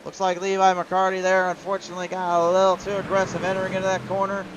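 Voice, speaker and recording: Quick and high-pitched, with slight background noise, the Iowan sim racing commentator talks with viewers between calls. He reads chat aloud in a chatty manner and gets excited when calling the action.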